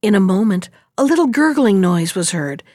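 A woman's voice: mid-range voice, dry recording, clean studio sound. Woman reading a fairy tale. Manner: measured, expressive. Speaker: storyteller.

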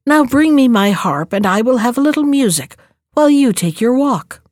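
Storybook giant, male, roaring and slow, read by a woman, dry close sound. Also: a little high, animated, a little mellow, no echo, lightly acted. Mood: commanding. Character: huge roaring man-eating male giant.

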